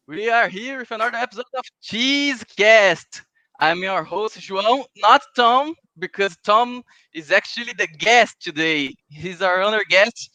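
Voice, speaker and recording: A man's voice: high-pitched, unhurried, pushed and bright, dry recording, muffled recording. A man who hosts a podcast interview in English, friendly and laughing often. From Brazil. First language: Portuguese. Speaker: podcast host. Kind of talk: casual interview.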